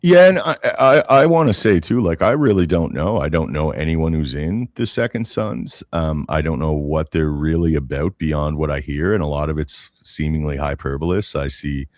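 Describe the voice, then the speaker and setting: Man, from Canada, podcast co-host, blunt, swears, stumbles into sentences, deep voice, dry sound. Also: moderate pace, hardly any pauses, a little mellow, no room sound. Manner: blunt, profane, repeats words when starting. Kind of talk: casual political chat.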